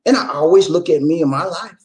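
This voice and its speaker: A man's voice: a little high, brisk. A man giving motivational relationship advice to viewers in a preachy way, often checking that they follow him. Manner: animated, preachy, keeps checking in with listeners.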